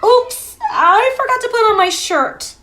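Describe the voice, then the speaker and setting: A woman doing an excited little boy frog. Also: unhurried, exaggerated voice. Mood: surprised. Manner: bouncy, exclaiming, high and bright.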